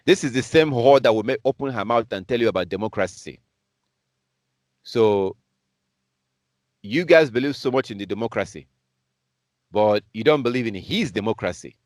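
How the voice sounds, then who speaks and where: A man's voice: medium pitch, lively intonation, moderate pace, long pauses, no echo, studio quality. A man from Africa commenting on news clips as a preacher, in a heated, repetitive and scornful way. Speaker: online preacher.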